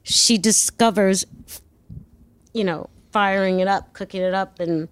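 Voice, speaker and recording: A woman from New York, a guest telling a long, animated story in an interview and acting out the voices in it, swearing freely. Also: mid-range voice, unhurried, clean tone. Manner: lively, acts out voices in her anecdotes, swears freely.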